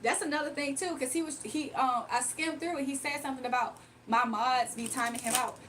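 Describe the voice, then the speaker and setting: High-voiced woman ranting on livestream. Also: steady tone, fairly quick, fairly bright tone, far from the mic, slight background noise, poor audio. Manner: blunt, repetitive rhetorical questions. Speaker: livestreamer reading cards for chat. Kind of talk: heated livestream rant to chat.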